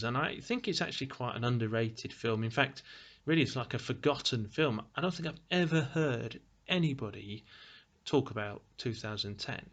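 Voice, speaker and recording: Male film reviewer, casual rambling delivery, mid pitch. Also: fairly bright tone. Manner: chatty, meandering, many fillers and restarts.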